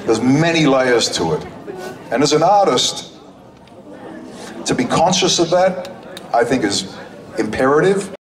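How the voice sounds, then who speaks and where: His mid-range voice swings widely in pitch, at a measured pace with frequent pauses. As an actor guest on a sunlit outdoor convention stage, he thoughtfully recounts stories to fans in long, meandering sentences with restarts, captured in an echoey, distant recording full of crowd noise.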